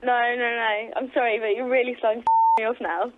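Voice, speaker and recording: A man's voice: very high voice, level tone, quick pace, dry recording. A man on a phone call, defensively denying everything and getting flustered. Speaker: prank call target. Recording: phone line.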